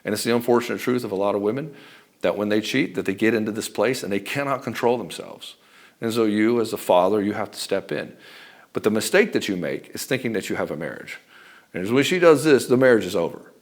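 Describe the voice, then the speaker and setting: A man's voice: fairly low pitch, expressive, fairly quick. A middle-aged man giving blunt, profane relationship advice straight to camera as a coach. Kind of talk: direct-to-camera advice talk.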